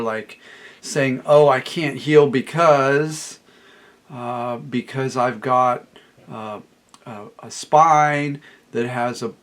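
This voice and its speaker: A middle-aged man talking as a recovery coach, emphatic and repetitive, quoting clients in a raised voice. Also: a little high. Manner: emphatic, repeats phrases, quotes clients in a raised voice. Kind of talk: solo talk to camera.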